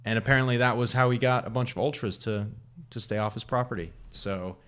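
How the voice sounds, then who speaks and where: A man's voice: medium pitch, fairly quick, fairly bright tone, clean tone. A young man co-hosting a casual sports podcast, telling stories with jokes and frequent laughter. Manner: joking, storytelling, laughs often. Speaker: podcast co-host.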